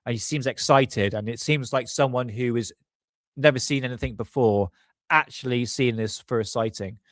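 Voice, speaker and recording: A man talks through a casual livestream in a loose, rambling way, often correcting himself as he goes. His nose sounds blocked up and his voice is mid-pitched. The sound is close and dry. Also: normal speed, a bit bright, no room sound. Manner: rambling, chatty, self-correcting. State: congested, stuffy sinuses. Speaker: livestream host.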